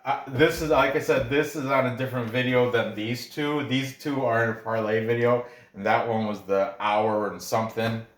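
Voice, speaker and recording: A man's voice: medium pitch, fairly even intonation, normal speed, hardly any pauses. A man hosting a casual show on fight betting picks, rambling, trailing off and restarting his sentences. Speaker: MMA betting picks host. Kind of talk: casual chat. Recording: roomy echo.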